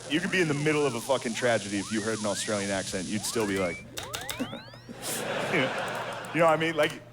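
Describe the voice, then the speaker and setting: A man's voice: mid-range voice, lively intonation, quick pace, over loud music. A man doing a stand-up comedy routine, telling profane, self-deprecating stories. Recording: clear background noise.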